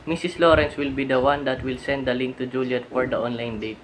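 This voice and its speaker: A man playing a calm, hopeful Romeo in an amateur school play. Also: mid-range voice, fairly quick, a little hiss or hum, natural voice, rough recording. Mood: earnest. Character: hopeful, earnest young Romeo.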